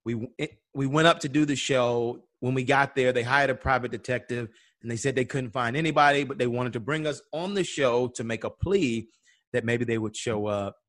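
A man's voice: mid-range voice, moderate pace, fairly bright tone, no echo, studio quality. A man from Atlanta telling a personal story in conversation, acting out the voices of the people he quotes. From Atlanta, USA. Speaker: guest.

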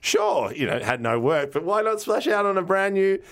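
A man's voice: high-pitched, very animated, normal speed, fairly bright tone. A man co-hosting a casual chat, telling rambling stories with lots of restarts, laughs and casual swearing. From Australia. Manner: rambling storyteller, restarts sentences, laughs often. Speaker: podcast co-host.

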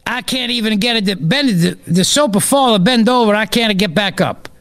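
A man's voice: animated, normal speed, a bit bright. A man putting on a comic Italian accent as a huge, complaining male prisoner. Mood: whiny. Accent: put-on Italian. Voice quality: exaggerated Italian accent, higher pitch. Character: obese Italian male prisoner, whiny, big.

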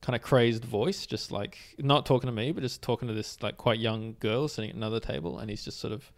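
A man's voice: lowish voice, brisk. Rambling man on a podcast. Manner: rambling, filler-heavy. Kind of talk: casual storytelling.

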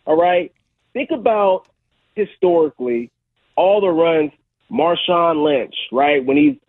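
Husky man on a tinny phone line. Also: on the high side, lively intonation, slow pace, dry recording. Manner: emphatic, keeps tagging "all right?" and "okay?". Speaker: former football player, guest analyst. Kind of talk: sports radio interview. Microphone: phone call.

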